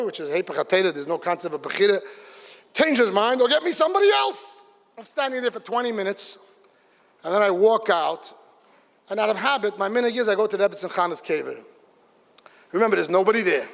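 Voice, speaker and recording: A middle-aged man giving a lively storytelling speech to a gathering in a large hall, breaking into excited exclamations. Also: sits high, creaky. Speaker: speaker at a community gathering. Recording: long reverb of a big hall.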